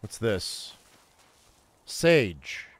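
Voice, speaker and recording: A man with a lowish, very animated voice draws out his words. Hosting a gaming channel, he talks to himself casually while playing a survival game, getting frustrated easily and swearing.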